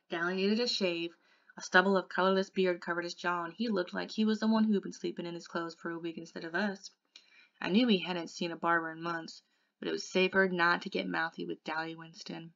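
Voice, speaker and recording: A woman tutor reading a novel aloud in steady first-person narration. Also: fairly low pitch, fairly quick, gravelly, no room sound, dull audio.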